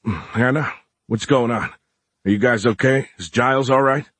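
A man's voice: medium pitch, normal speed, fairly bright tone, dry recording, voice pushed up, close to an everyday voice. A man voicing a groggy man woken by a phone call, slurred and irritable. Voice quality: slurred, sleepy. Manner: irritable, grumbling.

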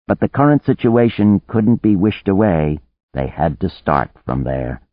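Man reading a novel aloud, deep voice that moves a lot, dry and tinny like over a phone. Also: sing-song, measured pace, no echo. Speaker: audiobook narrator. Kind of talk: scripted narration. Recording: narrow phone-like band, dry.

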